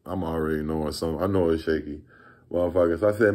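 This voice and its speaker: A man's voice: low voice, steady tone, a little fast, pauses often, darkish tone. A man in his thirties from Virginia telling a story in a rambling, laid-back way, with lots of profane slang. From Virginia, USA. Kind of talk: casual storytime vlog.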